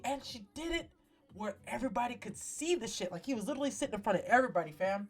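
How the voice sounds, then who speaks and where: A woman's voice: fairly high pitch, animated, quick pace, faint music behind. A woman hosting a talk show, recapping a TV episode in a casual, dramatic, slang-heavy way full of swearing. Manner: profane, slangy, dramatic storytelling.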